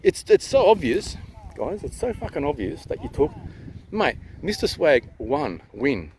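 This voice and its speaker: A man with an Australian accent ranting to his vlog camera while holding it, swearing and repeating himself, going from loud to hushed. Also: a little high, sing-song, measured pace, slight background noise. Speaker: vlogger. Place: outdoors near a town. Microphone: handheld camera at arm's length.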